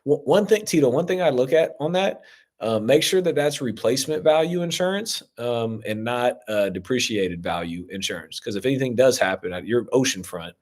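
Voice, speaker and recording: A man's voice: medium pitch, lively intonation, moderate pace, darkish tone. A man coaching on real estate investing as he answers viewer comments in a casual live-stream Q&A, talking loosely with many fillers and an upbeat tone toward his viewers. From Ohio.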